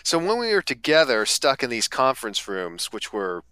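Lively, bright-voiced male podcast host. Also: medium pitch, moderate pace, clear, resonant tone, no echo, low-quality recording. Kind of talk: podcast interview.

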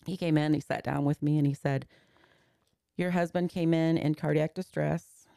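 A woman in her forties tells a personal story in a podcast conversation, walking through events one step at a time. Her voice is warm and darker in tone, with a gravelly edge. The sound is close and dry, with no room around it. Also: low-pitched, fairly even intonation, moderate pace, no room sound. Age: 40s. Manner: earnest, recounting events step by step and voicing others' words. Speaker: podcast guest.

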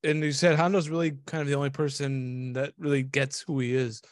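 A man in casual conversation about a film, excited, laughing often and trailing off mid-sentence. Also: medium pitch, brisk, no echo. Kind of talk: casual movie review chat.

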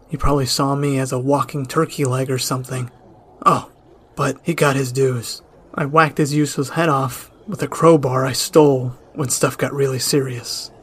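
A man giving dramatic, measured narration of a first-person horror story, grim and drawn out. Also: medium pitch, fairly bright tone, slightly rough.

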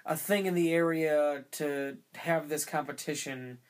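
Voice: mid-range voice, fairly even intonation, a little slow. A podcast co-host in a casual movie discussion, rambling with many fillers and restarts and swearing freely.

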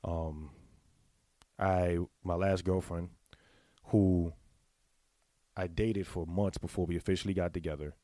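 A man in a casual, candid monologue, talking straight to his viewers in blunt, profane slang and clearing his throat now and then. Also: low voice, fairly even intonation, measured pace, pauses often, dark tone, dry recording, clean studio sound. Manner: confessional, speaks to the audience directly. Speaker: vlogger giving sex advice.

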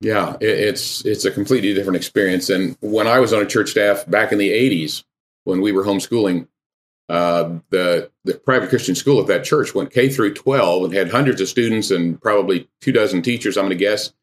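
An older man talking as a podcast guest, giving advice in an animated, conversational way. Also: fairly low pitch, fairly quick.

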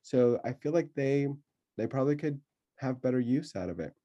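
A man telling a childhood story in casual conversation, laughing often and pausing with many fillers. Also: mid-range voice, lively intonation, mellow, highs cut off.

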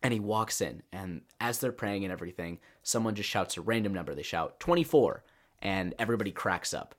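A man chatting on a podcast in a low, easygoing voice. He tells jokes with playful timing and jumps up in pitch for the punchlines. The talk is loose and friendly. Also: brisk, a bit bright. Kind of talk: casual podcast chat.

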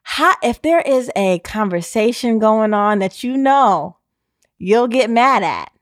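A woman with a fairly high voice co-hosts a casual podcast chat, walking through playful advice tip by tip and calling the listener "sis". The sound is close and dry. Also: animated, slow pace, no room sound. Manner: playful, gives advice in numbered tips, addresses listener as sis. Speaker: podcast co-host.

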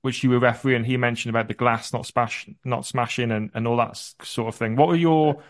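A man's voice: mid-range voice, fairly even intonation, fairly quick. A man hosting a podcast, asking questions hesitantly and restarting his sentences. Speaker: podcast host. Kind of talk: interview questions.

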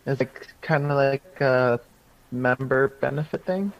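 Low, slow-talking woman, lo-fi sound. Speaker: player. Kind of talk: casual tabletop game talk.

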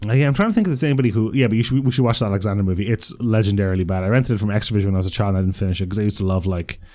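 A man's voice: on the low side, rapid-fire, a little mellow. A man co-hosting a podcast in casual, joking chat, teasing his friend. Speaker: podcast co-host.

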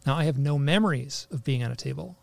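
A man telling a personal story in a casual, halting way, full of restarts, animating the voices he quotes. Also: mid-range voice, vocal fry, no room sound. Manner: animated, acts out quoted lines.

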